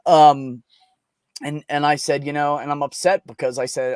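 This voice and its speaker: A man hosting a casual livestream chat, telling stories with wry sarcasm and lively, emotional delivery. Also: a little high, moderate pace, clean tone, dry recording, clean studio sound. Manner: wry, sarcastic, animated storytelling. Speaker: streamer host.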